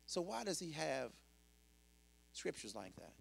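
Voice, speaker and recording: Male pastor, sermon delivery; animated, gravelly voice that ranges widely. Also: on the high side, measured pace. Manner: preaching that swings from hushed to shouted; exclaims "woo" between points.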